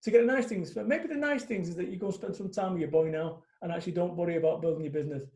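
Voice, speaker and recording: A man's voice: sits high, rapid-fire, dark tone. A man in his forties, a guest speaker talking bluntly and animatedly in a casual interview, swearing freely. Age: 40s. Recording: echoey room.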